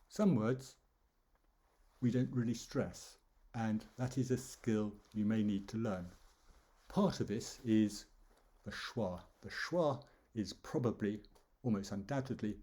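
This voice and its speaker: A man teaching an English exam lesson, talking in a measured, explanatory way and stressing key words. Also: fairly low pitch, mellow, husky.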